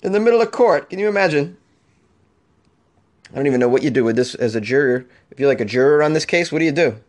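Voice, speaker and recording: A man's voice: a little high, animated. A man hosting a comedy weird-news show, riffing on stories in a jokey, rambling way. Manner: jokey, rambling, quick to laugh.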